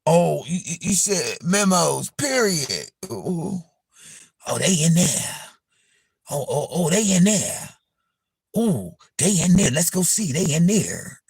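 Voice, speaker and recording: A man hosting a live stream, telling a story in a loose, animated way, repeating himself, swearing, and calling his viewers y'all. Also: fairly high pitch, slow, creaky, husky, dry recording. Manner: animated, repetitive and profane, addressing viewers as y'all. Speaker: livestream host.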